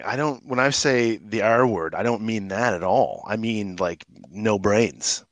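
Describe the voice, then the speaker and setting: A man co-hosting a casual podcast, laid-back and jokey, and quick to poke fun at himself. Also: fairly low pitch, dry recording. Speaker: podcast co-host.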